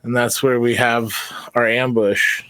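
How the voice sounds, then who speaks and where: A man's voice: medium pitch, little pitch movement, a little slow, fairly bright tone, clear, resonant tone, dry recording, poor audio. A man playing a tabletop game, laying out the crew's plan decisively. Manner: decisive, lays out plans. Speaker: player.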